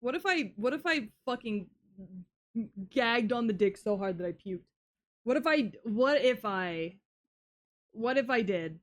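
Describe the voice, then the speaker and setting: High-voiced, excitable young woman streamer. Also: unhurried, long pauses. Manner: excitable, swears a lot, shrieks when thrilled. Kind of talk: casual livestream chat.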